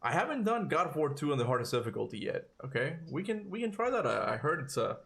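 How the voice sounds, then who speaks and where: Gravelly, breathless male streamer. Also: mid-range voice, very animated, quick pace, a bit bright. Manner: rambling, self-interrupting. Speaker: gaming streamer. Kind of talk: casual live-stream chat.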